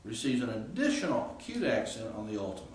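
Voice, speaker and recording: A man's voice: mid-range voice, very animated, quick pace, recorded from a distance. Man lecturing in an echoey classroom. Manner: explanatory, informal, asks students questions. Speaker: Greek professor. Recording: echoey classroom recorded from afar with faint hiss.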